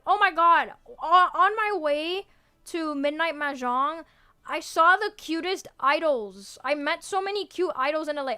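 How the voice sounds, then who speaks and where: A young adult woman streaming as a VTuber, chatting casually in a rambling, excitable way full of fillers and restarts. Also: sits high, measured pace. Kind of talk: casual livestream chat.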